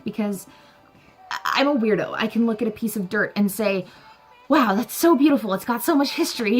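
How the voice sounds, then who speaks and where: A young woman talking earnestly to camera, sharing a personal story and encouraging her viewers with faith-filled words. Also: medium pitch. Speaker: vlogger. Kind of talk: heartfelt personal talk to camera.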